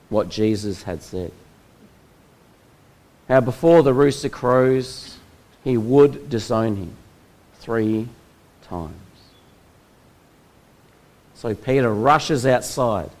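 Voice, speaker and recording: A man preaching a sermon, retelling a Bible story in a measured way with slow, dramatic pauses. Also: mid-range voice, a little mellow, poor audio. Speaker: pastor.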